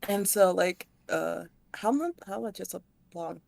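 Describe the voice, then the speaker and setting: A woman's voice: medium pitch, lively intonation, a little slow, gravelly, a little mellow, no room sound. Woman, rambling storyteller, giggles, dry close sound. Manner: rambling, giggling, trips over words. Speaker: co-host. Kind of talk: retelling a silly made-up story.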